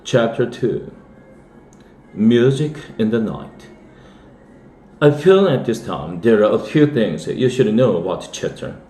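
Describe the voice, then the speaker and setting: A man from South Korea, an English teacher, reading a children's novel aloud in a steady way. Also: lowish voice, reverberant. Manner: steady read-aloud with lively dialogue.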